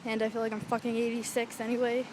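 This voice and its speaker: A young woman telling a rambling, excitable story in a casual vlog, swearing freely, recorded outdoors near a street. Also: a little high, fast. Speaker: vlogger. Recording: traffic noise from outdoors.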